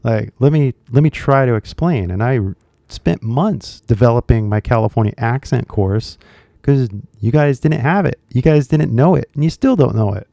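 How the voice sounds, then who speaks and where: A man's voice: medium pitch, lively intonation, moderate pace, creaky, warm tone, no room sound. An American man, an English teacher, talking casually on a live stream and rambling with lots of "you know" and "like" fillers. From United States.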